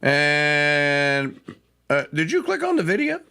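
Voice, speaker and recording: A man's voice: on the high side, wildly swooping pitch, slow pace, creaky, sharp tone, smooth. A man hosting a live talk radio show, chatting in a rambling, self-correcting way.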